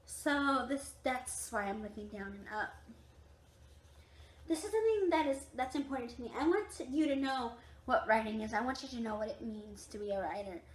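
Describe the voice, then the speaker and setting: A young woman with a high voice chats to her camera from her recliner late at night, sounding tired. She repeats her points with emphasis, and the room around her rings with echo. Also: expressive, moderate pace. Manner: chatty, repetitive, emphatic. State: tired, yawning. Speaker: vlogger. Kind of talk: casual chat to camera. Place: at home on a recliner.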